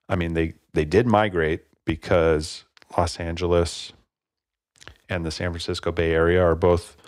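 A man's voice: low voice, no echo, studio quality. A man hosting a podcast alone, talking casually and rambling a little, with plenty of fillers. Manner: relaxed, rambling, many fillers. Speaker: podcast host. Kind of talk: casual solo podcast talk.

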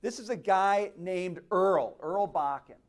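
A man from Minnesota giving a conference speech on stage, telling stories with dramatic pauses. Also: sits high. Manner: animated storyteller, dramatic pauses. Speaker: speaker at a conference. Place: stage at a live event.

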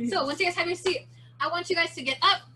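A woman's voice: extremely high pitch, brisk, bright, forceful tone, slight background noise. A teenage girl leading a daily challenge for a virtual kids' martial arts class, playful and chatty, explaining each step over a video call. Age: teen.

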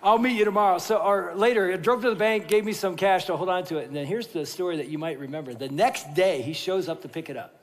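High-pitched guy pastor, jokey animated storytelling sermon, long echo of a big church. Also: quick pace, hardly any pauses. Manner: animated, jokey storyteller who turns quiet and earnest. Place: large church sanctuary. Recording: long reverb of a large church hall.

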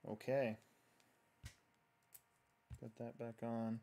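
His words drawn out, a man with a mellow, mid-range voice and little pitch movement hosts a relaxed livestream. He rambles chattily while building something, reading viewer comments aloud as he goes.

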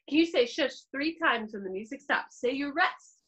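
A woman's voice: high-pitched, lively intonation, normal speed, a bit bright, low-quality recording. A woman teaching a virtual piano class to preschoolers in a sing-song, playfully exaggerated way. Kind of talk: virtual music class for young children.

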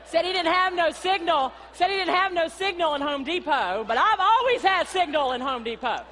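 A woman pastor, preaching a sermon in an animated storytelling way and often calling the congregation "y'all". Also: very high-pitched, normal speed, a faint crowd, slight background noise. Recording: long hall reverb.

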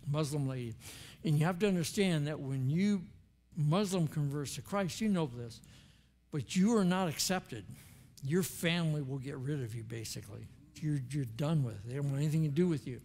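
A man's voice: a little high, normal speed, gravelly, darkish tone. An older man, a former chaplain, preaching a sermon in an earnest, conversational storytelling way with emphatic turns. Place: church sanctuary.

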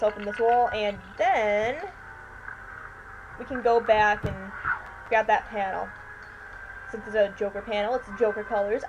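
A woman's voice: medium pitch, muffled recording. A tired, yawning woman giving rambling, chatty commentary while she plays a video game. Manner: chatty, rambling, keeps saying "anyway". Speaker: let's player. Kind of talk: casual gameplay commentary. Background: faint washing machine hum.

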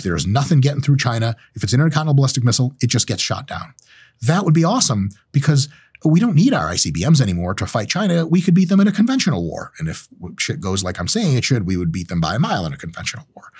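Animated husky man ranting. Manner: animated, swearing, swinging pitch on quoted reactions. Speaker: host. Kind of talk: casual monologue.

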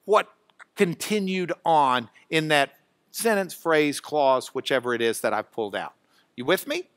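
Bible teacher, man, high lively delivery, slow and bright, booming emphasis on key words. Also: no room sound, studio quality. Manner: dramatic bursts of loud emphasis while reading scripture; drops to quiet asides when searching notes. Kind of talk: classroom Bible lesson. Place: classroom, recorded for radio.

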